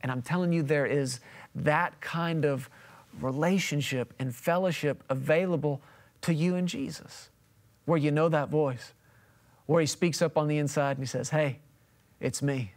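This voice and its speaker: A man in his thirties preaching a televised sermon in a conversational, emphatic way, his voice swinging widely between loud and quiet. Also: a little high, steady tone, moderate pace.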